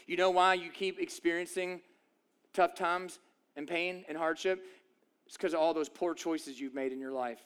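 A man's voice: a little high, steady tone, normal speed, fairly bright tone, clean tone. A man preaching a sermon, emphatic, asking rhetorical questions and repeating phrases for effect. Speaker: pastor.

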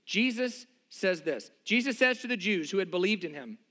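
A male pastor with a high, bright voice, preaching a sermon. He talks in an earnest, emphatic way and keeps asking the room rhetorical questions. His tone is crisp and forceful. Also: animated, normal speed.

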